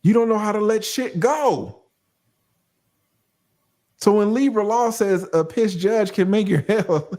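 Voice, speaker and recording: Animated profane livestream host man. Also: high-pitched. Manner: animated, profane, reads out chat shout-outs. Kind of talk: casual livestream commentary.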